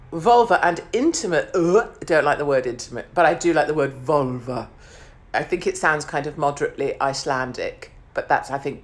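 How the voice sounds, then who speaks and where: A middle-aged woman hosting her own show, delivering a brash, mocking comedic monologue to camera, swearing casually and calling her viewers darlings. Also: deep voice. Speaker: show host.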